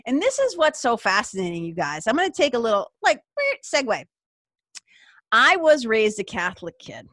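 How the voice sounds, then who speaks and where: A woman's voice: fairly high pitch, very animated, moderate pace, fairly bright tone, no room sound, clean studio sound. Candid, swearing woman. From Massachusetts. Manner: candid, swears freely, lots of fillers. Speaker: podcast host. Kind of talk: casual storytelling monologue.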